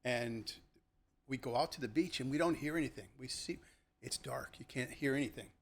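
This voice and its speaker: Older retired police lieutenant telling stories. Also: male voice, normal speed. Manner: animated, acts out the people in his stories with sharp jumps in pitch; conversational, with fillers and restarts. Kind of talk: podcast storytelling.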